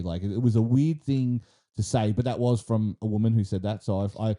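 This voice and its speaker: A man's voice: on the low side, fairly quick, mellow. An Australian man co-hosting a gaming news podcast, chatting casually, rambling with restarts and cursing freely. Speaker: podcast co-host. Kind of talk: casual chat.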